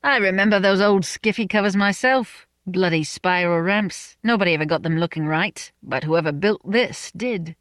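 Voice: medium pitch, normal speed, hardly any pauses, a bit bright, dry recording, studio quality, close to an everyday voice. A narrator reading an audiobook, voicing a blunt, hearty older man. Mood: amused. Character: older man, chuckling and nostalgic.

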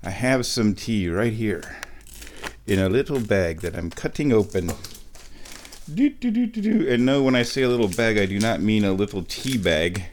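In a casual vlog shot indoors in his house's kitchen, a man brews tea while joking around with himself and humming. His pitch is fairly low, his pace normal, and there's slight background noise.

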